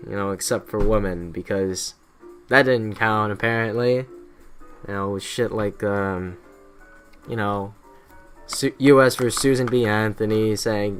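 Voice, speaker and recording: This is casual, profane history narration from a young man who swears constantly and mimics historical figures in mocking voices. He speaks on the low side, unhurried, with fairly even intonation, and faint music plays behind him.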